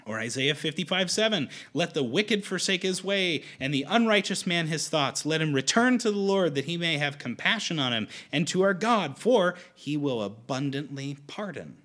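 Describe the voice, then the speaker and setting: A man's voice: on the high side, lively intonation, moderate pace, few pauses, a bit bright. A man preaching a sermon in a conversational way, often restarting his sentences. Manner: conversational, with frequent restarts and fillers.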